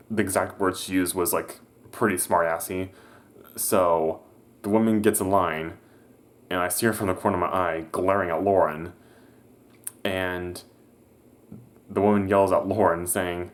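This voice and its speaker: A young man casually telling a work story, hesitant, with many restarts and fillers. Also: deep voice. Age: young adult. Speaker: vlogger.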